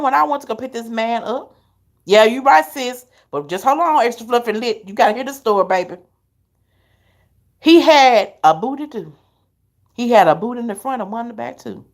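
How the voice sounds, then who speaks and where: A middle-aged woman, hosting a live stream and telling her viewers stories in an animated, chatty way, laughing often. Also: fairly high pitch. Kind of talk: casual storytelling to viewers.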